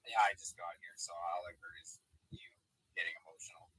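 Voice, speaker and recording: Quiet, raspy man in his thirties questioning. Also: sits low, fairly even intonation, fast talker, rough recording. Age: 30s. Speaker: caller. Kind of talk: debate call-in.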